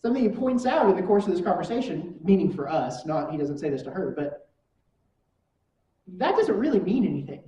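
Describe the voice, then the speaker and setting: Mellow-voiced woman teaching, distant and echoey. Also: on the low side, sing-song, brisk, slight background noise. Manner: asks the class rhetorical questions. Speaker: Bible class teacher. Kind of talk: conversational church lesson. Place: church classroom. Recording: echoey room from far mic.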